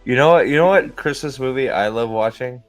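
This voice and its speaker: A man's voice: medium pitch, brisk, faint music behind. A man hosting a casual livestream, who jokes, rambles and swears as he chats. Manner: joking, rambling and profane. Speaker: streamer host.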